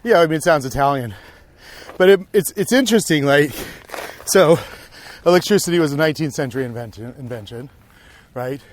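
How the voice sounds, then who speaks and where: A man's voice: fairly high pitch, expressive, fairly quick, long pauses, slight background noise. A man co-hosting a podcast, rambling and musing aloud in casual chat while hiking outdoors on a trail. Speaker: podcast co-host.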